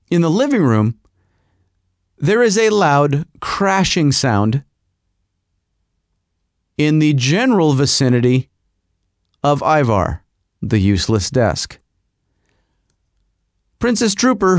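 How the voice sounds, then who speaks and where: In a slightly high voice, a middle-aged man hosting a podcast spins a meandering, funny tale and does character voices. He's animated and rambling, and the studio sound is clean and dry.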